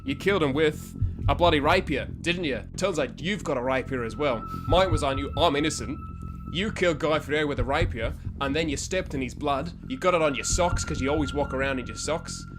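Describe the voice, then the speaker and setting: A man's voice: a little high, brisk, over music. A man co-hosting a comedy role-play podcast, rambling through mock-detective accusations and then signing off the episode. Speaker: podcast co-host and player.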